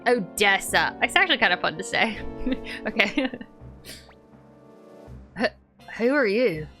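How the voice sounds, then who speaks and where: A woman's voice: mid-range voice, takes it slowly, soft background music. A woman streamer giving playful, jokey commentary while she plays a game. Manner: playful and animated, jokey asides. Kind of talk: casual let's-play commentary.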